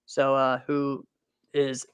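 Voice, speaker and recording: A man's voice: mid-range voice, completely flat delivery, takes it slowly, fairly bright tone, clear, resonant tone, dry recording, clean studio sound. A man in his thirties hosting a podcast, chatting casually in an upbeat, rambling way with lots of fillers and frequent laughter. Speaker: podcast host and martial arts competitor. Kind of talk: casual chat.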